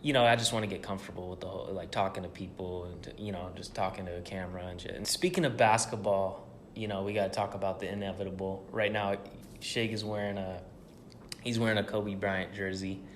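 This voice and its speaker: Rambling, low-voiced young man. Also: fairly even intonation, a little fast, a little hiss or hum. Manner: loose, profane, rambling storytelling. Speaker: podcast co-host. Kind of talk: casual chat.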